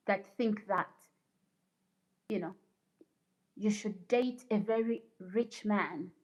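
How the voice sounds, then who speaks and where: A woman chats on her livestream in an unhurried, drawn-out delivery, her voice sitting a little high. She reads viewer comments aloud and lectures in an indignant, preachy tone. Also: fairly bright tone, poor audio. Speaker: livestream host. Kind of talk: casual livestream chat with viewers.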